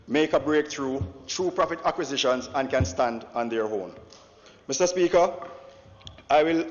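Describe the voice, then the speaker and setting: A Jamaican man, an opposition member of parliament, delivering a formal, declamatory speech and often addressing the Speaker. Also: on the high side. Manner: declamatory, punctuates with "Mister Speaker". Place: large parliament chamber. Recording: dull echoey chamber broadcast audio.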